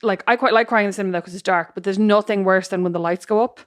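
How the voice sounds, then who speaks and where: A woman co-hosting a podcast, talking in a quick, blunt, teasing way in casual chat. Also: medium pitch, steady tone, no echo, clean studio sound. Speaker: podcast co-host.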